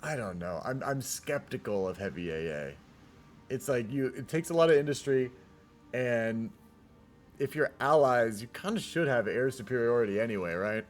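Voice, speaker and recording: A laid-back man casually commentating a strategy game on stream. His voice sits at a middling pitch, and he rambles, swears and keeps calling everyone "man". Soft music plays underneath him. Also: expressive, moderate pace.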